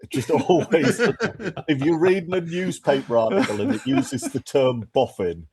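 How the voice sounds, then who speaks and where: A man chatting as a contestant on a podcast quiz, relaxed and amused. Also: mid-range voice, normal speed, a crowd in the background. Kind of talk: casual podcast chat.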